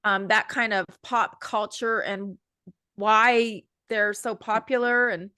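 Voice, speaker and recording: A woman's voice: medium pitch, fairly even intonation, takes it slowly, sharp tone, clear, resonant tone, no echo, clean studio sound. A woman co-hosting a casual chat, nasal and congested from allergies, opinionated and rambling with fillers. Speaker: co-host.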